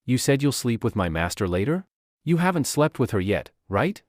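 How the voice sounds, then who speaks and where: A man's voice: medium pitch, very animated, normal speed, darkish tone, dry recording, clean studio sound, natural voice. A man voicing a frightened young woman held captive, speaking in trembling, sobbing pleas.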